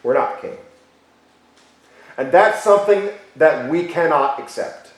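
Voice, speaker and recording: A man preaching a sermon as pastor, emphatic, repeating key phrases and slowing down for stress. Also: fairly high pitch, animated. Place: church sanctuary. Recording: very echoey church hall.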